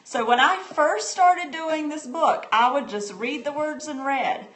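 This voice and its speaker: Chatty high-voiced woman in an echoey room. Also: unhurried, fairly bright tone. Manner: chatty, answers viewer comments, frequent fillers and restarts. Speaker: homeschooling parent demonstrating a reading book. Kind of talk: casual live-stream demo. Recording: echoey room with faint background noise.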